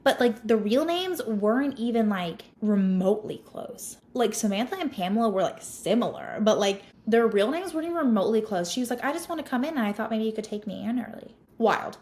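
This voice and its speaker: A woman, a podcast host telling a client story in a casual, animated, exasperated way with lots of "like". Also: on the high side, a little fast, few pauses.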